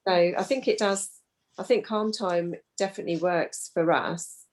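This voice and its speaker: A woman's voice: mid-range voice, normal speed. A woman with an English accent, a parent carer, talks candidly about home life in a support group, restarting her sentences as she goes. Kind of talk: casual sharing in a group call.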